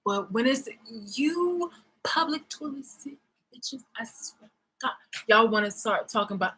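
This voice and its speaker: A woman's voice: on the high side, lively intonation, a little slow, sharp tone, husky, rough recording. A woman vlogger ranting angrily and sarcastically, swearing hard and breaking into bursts of laughter. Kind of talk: heated vlog rant.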